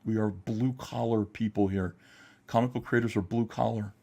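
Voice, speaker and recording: A man's voice: fairly low pitch, fairly even intonation, normal speed, gravelly, dark tone. A man hosting a livestream, talking in a heated, profane, emphatic way while ranting and reading chat. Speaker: livestream host.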